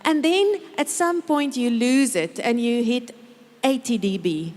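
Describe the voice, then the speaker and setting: A middle-aged woman giving a lively, humorous parenting talk in a large church auditorium, acting out parents and children as she speaks. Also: fairly high pitch, unhurried. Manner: lively, humorous storytelling, mimics parents and kids. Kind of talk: conference talk with acted-out quotes. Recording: reverberant hall.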